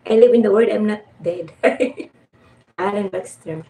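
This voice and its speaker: A woman's voice: mid-range voice, measured pace, warm tone, distant mic, slight background noise, poor audio. A woman with a Filipino accent chatting on a livestream, gushing, laughing often and thanking viewers by name. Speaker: livestream host. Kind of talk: casual livestream chat with viewers.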